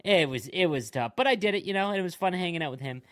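A young man hosting a casual gaming podcast, chatty and quick to react. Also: high voice, animated, no echo, clean studio sound. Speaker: podcast host. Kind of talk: casual chat.

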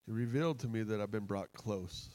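A man preaching a sermon in a church, impassioned and excitable, laughing as he goes. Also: on the low side, fairly quick, no room sound, rough recording. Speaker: pastor.

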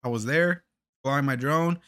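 A man's voice: medium pitch, a little slow, pushed and bright, no room sound, studio quality. A man telling a story in casual podcast chat, swearing a lot, stammering on repeated words and laughing. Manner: profane, laughing, many restarts and stammers.

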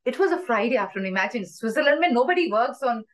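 A woman's voice: a little high, lively intonation, quick pace, low-quality recording. A woman in her forties, earnest and emotional, tells her personal story as an interview guest and slips into Hindi now and then. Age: 40s. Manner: earnest, mixes in Hindi phrases.

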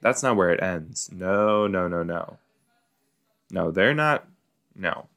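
Man, deep voice, slow pace, casual chatty reaction, podcast host. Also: creaky, smooth. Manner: chatty, animated, many likes and you knows. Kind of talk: casual watch-along reaction.

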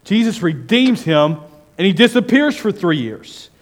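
A man preaching a sermon as senior pastor, telling stories and swinging from hushed asides to fervent, raised delivery. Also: sits high, big pitch swings, a little slow, long reverb tail.

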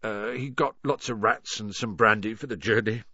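A man voicing a huge, soft-hearted male gamekeeper who talks gruffly and gets tearful. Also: fairly low pitch, moderate pace, no echo, lo-fi sound. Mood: muffled.

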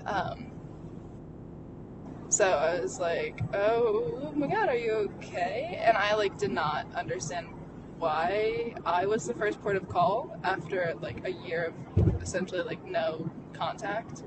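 A young adult vlogger shares a personal story from inside a car, with road and vehicle noise clearly audible behind the voice. The pitch is middling, and the telling is candid and halting, full of fillers and restarts.

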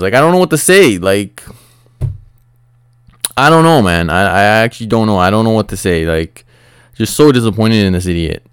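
Young male podcast host, smooth, dry close-mic voice, venting and swearing in a loose solo rant. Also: on the low side, expressive, moderate pace, pauses often, fairly bright tone, dry recording. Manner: frustrated, profane, rambling with filler words.

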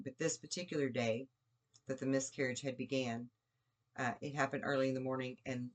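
A woman recounting a personal experience in a rambling, conversational way, with frequent fillers and restarts. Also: a bass voice. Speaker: podcast speaker. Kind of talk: personal storytelling.

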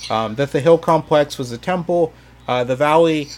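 A man's voice: a little high, normal speed, a little mellow, slight background noise. A man explaining history on a podcast in a hesitant, casual way, full of ums and restarts. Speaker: history presenter.

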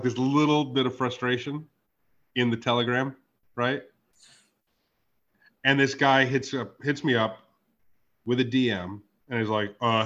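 A man in casual podcast chat spins a profane story, acting out each back-and-forth in different voices. His pitch sits in the middle. The audio is muffled and lo-fi. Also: fairly bright tone. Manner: profane, storytelling with reenacted dialogue. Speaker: podcast host.

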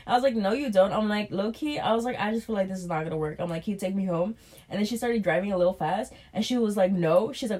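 A fast-talking woman with a mid-range voice co-hosts a podcast. She casually narrates a bad date, profane and animated, quoting both herself and her date.

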